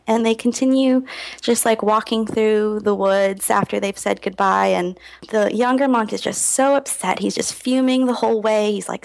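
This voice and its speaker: An earnest woman guest on a podcast, reflective and full of little ums as she tells her stories. Her mid-pitched voice has a lot of vocal fry. She talks in a warm, sincere way. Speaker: guest, health researcher. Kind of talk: podcast interview.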